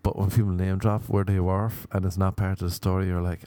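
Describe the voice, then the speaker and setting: A man's voice: low voice, level tone, fast, mellow, no echo. An Irish man telling rambling, profane comic stories in a wry, offhand way. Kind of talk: casual comedic monologue.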